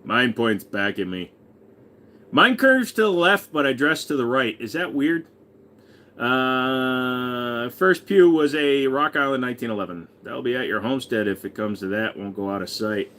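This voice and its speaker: A man in his forties with a mid-range, slightly bright voice hosts a casual livestream at normal speed. He makes crude jokes and reads viewer messages out loud.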